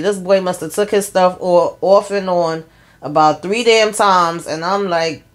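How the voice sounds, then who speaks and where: A woman's voice: fairly low pitch, a little slow. Chatty woman recapping a show. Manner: loose, chatty storytelling with wry asides. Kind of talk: casual episode recap.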